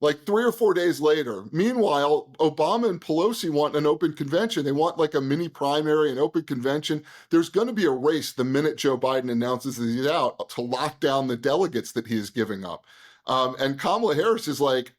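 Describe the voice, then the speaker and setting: A man, a guest on an interview show, recounting events in a conversational, animated way, with frequent fillers and quick restarts. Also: on the high side. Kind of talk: conversational storytelling.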